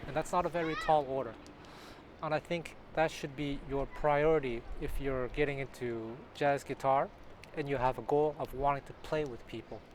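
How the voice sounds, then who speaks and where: A man, a jazz guitar teacher, talking casually to camera in a vlog, chatty and self-correcting with animated asides, recorded outdoors on a city street. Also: mid-range voice, moderate pace, a little hiss or hum.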